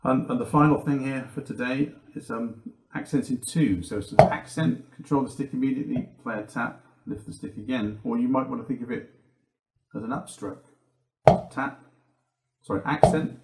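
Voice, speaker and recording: A male percussion teacher giving a calm lesson and counting beats aloud as he plays. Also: medium pitch, moderate pace, echoey room, background noise. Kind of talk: instructional demonstration.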